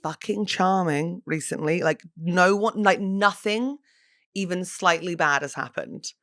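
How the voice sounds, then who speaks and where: A woman's voice: lowish voice, unhurried, a bit bright, no echo, clean studio sound. A young English woman hosting a podcast, chatting and telling stories in a self-mocking way, a little hungover. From England. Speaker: podcast host. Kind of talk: casual chat.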